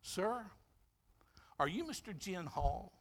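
A man's voice: high voice, very animated, slow pace, voice pushed up, exaggerated voice. A man voicing a kindly, curious pastor who asks polite questions. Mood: gentle, inquiring.

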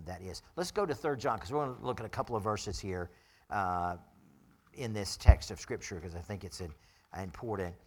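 Conversational man preaching a sermon. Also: lowish voice. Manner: conversational, dry humor, chuckles often. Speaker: pastor.

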